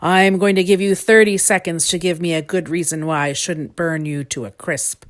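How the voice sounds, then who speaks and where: A huge fire-breathing dragon, put on by a woman reading a storybook aloud, booming slow and loud. He rumbles deep and means to sound menacing. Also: fairly even intonation, lightly acted.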